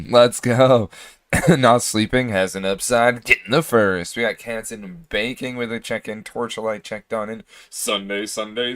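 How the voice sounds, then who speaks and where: A man with a hoarse voice, chatting casually while he streams a game, rambling and often clearing his throat. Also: mid-range voice, a bit bright, no echo, studio quality. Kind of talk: casual livestream chat.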